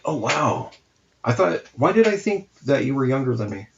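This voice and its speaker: A man in his forties with a gravelly, creaky voice chats casually on his live art stream. He tells his stories animatedly and swears freely. The audio sounds a little dull and lo-fi. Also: mid-range voice, moderate pace, slight background noise. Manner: profane, animated storyteller. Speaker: comic artist and stream host.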